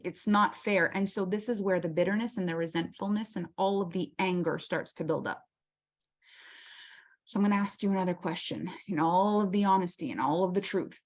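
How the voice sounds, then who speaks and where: A woman's voice: medium pitch, brisk. A woman with a mid-range voice leads a motivational masterclass. She talks with passion, throws rhetorical questions at her audience and acts out the voices in people's heads. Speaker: masterclass host. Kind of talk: motivational workshop talk.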